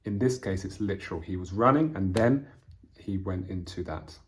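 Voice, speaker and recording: A man with a very low voice walks through storybook vocabulary like a patient English teacher. He explains each word in plain terms and often pauses on fillers as he thinks. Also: expressive, slight background noise. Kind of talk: vocabulary lesson reading from a storybook.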